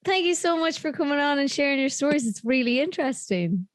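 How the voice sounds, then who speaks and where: High-voiced woman hosting a podcast. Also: animated, fast talker, dry recording. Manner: giggly, encouraging interviewer. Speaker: podcast host. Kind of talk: casual interview.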